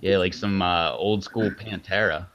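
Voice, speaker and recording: A man's voice: low-pitched, unhurried, fairly bright tone. A man hosting a casual livestream, chatting in a rambling way with lots of fillers. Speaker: livestream host. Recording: dull lo-fi sound.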